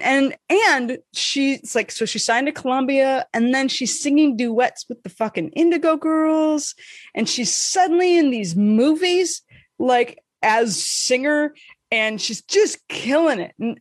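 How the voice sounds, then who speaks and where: A woman co-hosting a podcast, telling a story in casual chat, animated and swearing freely, acting out the voices she quotes. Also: high voice, measured pace, dry recording, studio quality. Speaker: podcast co-host.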